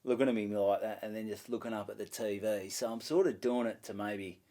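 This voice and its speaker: A man's voice: lowish voice, fairly quick, dark tone. A man with an Australian accent, a stand-up comedian, telling a story in casual chat, swearing freely and acting out both sides of each exchange.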